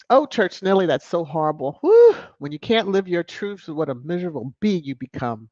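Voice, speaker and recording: A man hosting a live stream, reading viewer comments in a casual, animated way with laughs and sudden high exclamations. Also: brisk, dry recording, muffled recording. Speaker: livestream host reading chat.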